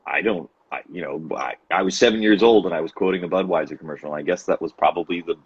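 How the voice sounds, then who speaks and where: A man's voice: deep voice, fast, slightly rough, no room sound. A man co-hosting a podcast in casual chat, rambling with restarts and laughing often. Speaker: podcast co-host. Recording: dull lo-fi sound.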